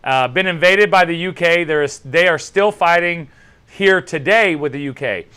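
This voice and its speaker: A young man from the United States hosting a casual podcast and reading out live chat, animated and swearing freely, with loud laughs. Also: fairly high pitch, normal speed, clean tone. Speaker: podcast host.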